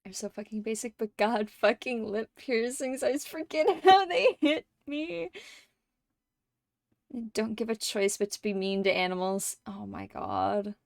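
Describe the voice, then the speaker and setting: A woman's voice: fairly high pitch, lively intonation, measured pace, vocal fry, no room sound, clean studio sound. A woman streaming a game, chatting casually in a candid, profane and emotional way. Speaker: livestream gamer.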